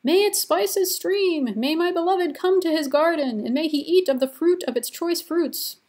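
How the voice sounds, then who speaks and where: A woman's voice: very high voice, normal speed, a little mellow, voice pushed up. A woman voicing a young bride longing for her beloved, reading poetry in a raised, lilting voice. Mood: yearning.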